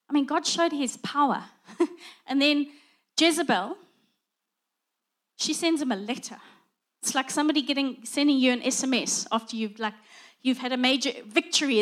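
A woman's voice: sits high, a bit bright. A middle-aged woman preaching a conversational sermon, acting out little dialogues as she goes.

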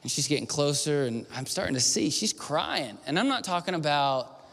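A man preaching a sermon, telling a personal story and moving from hushed near-whispers to loud pleading. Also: fairly high pitch, lively intonation, normal speed, creaky. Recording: long hall reverb with faint music.

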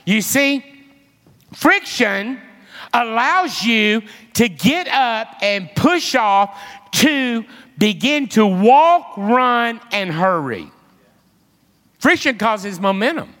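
Male preacher, bright tone, slow deliberate delivery, long hall reverb, animated storyteller. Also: very high voice. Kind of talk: sermon with personal storytelling.

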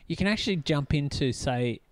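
Male host, lively fairly high voice, dry close mic. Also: fairly quick, no echo. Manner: chatty, laughs easily, leads the topic. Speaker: podcast host. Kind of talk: casual chat.

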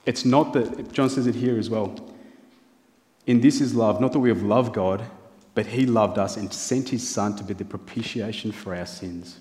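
A man's voice: lowish voice, moderate pace, darkish tone. A man preaching a sermon in a church hall, earnest and building his points through lists and rhetorical questions. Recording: long reverb of a large hall.

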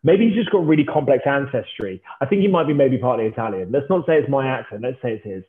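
A man's voice: medium pitch, animated, fast talker. A man in his thirties tells stories in a loose, self-mocking way, full of fillers. He has a plain mid-range voice. The sound is tinny and narrow, like a phone line. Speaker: startup founder guest. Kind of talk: casual storytelling chat.

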